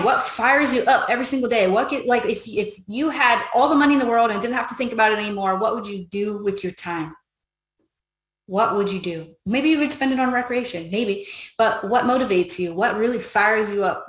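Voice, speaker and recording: A woman's voice: medium pitch, moderate pace, fairly bright tone. A woman giving an upbeat training talk on recruiting conversations, acting out both sides of a chat as she coaches. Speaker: business trainer. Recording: echoey room.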